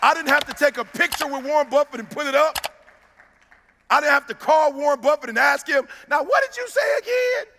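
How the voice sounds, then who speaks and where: A man with a very high, sharp voice delivers a preacher-style motivational speech, hammering his points home. He shouts some lines and stretches others into a sing-song cadence. His voice rings out with the long reverb of a big hall. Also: fairly even intonation, brisk. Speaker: motivational speaker.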